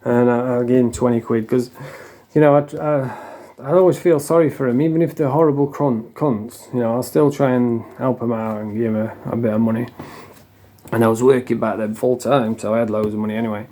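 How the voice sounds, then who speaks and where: A man tells stories in a loose, casual way, swearing freely and breaking into a laugh now and then. His voice sits at a middle pitch with a mellow, dark tone. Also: steady tone, fairly quick. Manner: blunt, heavy swearing, laughs while telling. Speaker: storyteller. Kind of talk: casual storytelling.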